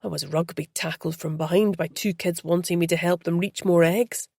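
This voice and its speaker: A woman reading the part of a worn-out adult in an Easter bunny costume who grumbles, in a gravelly, dark voice. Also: lowish voice, steady tone, normal speed, no room sound, clean studio sound. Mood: grumbling.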